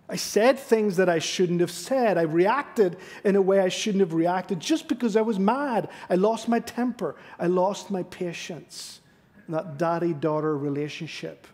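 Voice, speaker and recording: A man's voice: fairly high pitch, darkish tone. A middle-aged man preaching a sermon in church, telling personal stories in a self-deprecating, confessional way. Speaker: guest preacher. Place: church sanctuary.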